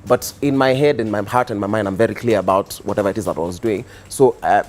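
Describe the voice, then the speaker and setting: A young man with a Kenyan accent, a guest on a talk show, telling his story in a relaxed, rambling way with many fillers. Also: lowish voice, fast, faint music behind. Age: young adult. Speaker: guest, activist and musician. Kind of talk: casual interview storytelling.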